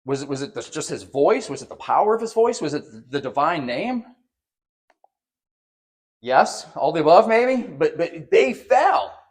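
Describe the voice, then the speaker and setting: A man preaches with a voice a little above the usual pitch. He delivers his sermon with animation, raising his voice to act out the quotes, and he often repeats and restarts his words. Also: sing-song, unhurried. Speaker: pastor.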